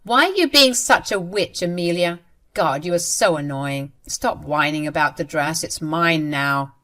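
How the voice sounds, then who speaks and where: A dismissive, scolding middle-aged mother, read by a woman narrator in a storybook drama. Her tone is irritated and entitled, with the voice lifting higher and louder than the plain narration. It stays within the reader's own fairly low range. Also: a little slow. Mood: annoyed.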